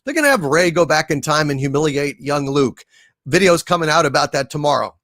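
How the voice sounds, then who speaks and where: Middle-aged male streamer, sarcastic and furious, lively swooping delivery, a bit high-pitched. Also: brisk, dry recording, clean studio sound. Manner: angry, sarcastic, swears often. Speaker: livestream host reading super chats. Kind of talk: ranting livestream chat.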